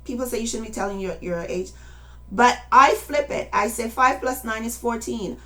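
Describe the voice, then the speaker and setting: A woman's voice: fairly high pitch, normal speed, fairly bright tone. A woman in her late fifties giving an impassioned, emotional personal testimony and urging listeners to act. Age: 50s. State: emotional, near tears at times. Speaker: activist speaking to viewers.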